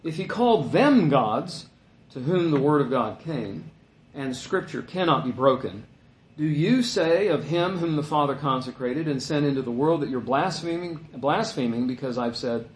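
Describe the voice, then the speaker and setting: A man teaching a Bible passage in a relaxed, conversational way, growing animated when he acts out quotes. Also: fairly high pitch, moderate pace, roomy sound. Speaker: pastor.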